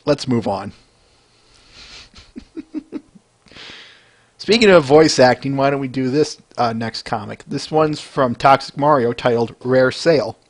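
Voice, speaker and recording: A man with a mid-range voice hosts a podcast, chatting casually and with enthusiasm about fan art at a normal speed and barely pausing. His manner is chatty, full of fillers and laughter.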